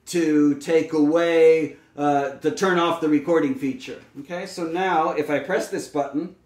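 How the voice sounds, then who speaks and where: A man's voice: on the high side, steady tone, a little slow, darkish tone. A man working as a speech-language pathologist, giving a patient step-by-step demonstration with frequent fillers. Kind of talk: instructional demonstration. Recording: roomy, mic at a distance.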